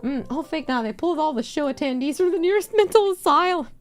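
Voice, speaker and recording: A woman streamer retelling a story in casual chat, animated, swearing freely and laughing often. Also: sits high, fast talker. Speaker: VTuber streamer.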